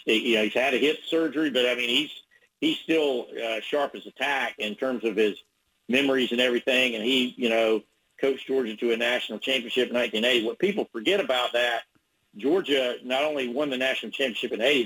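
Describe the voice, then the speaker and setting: Husky-voiced man telling a long story. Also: medium pitch, a bit bright, poor audio. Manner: rambling, many fillers and restarts. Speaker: sports reporter guest. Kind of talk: casual radio interview.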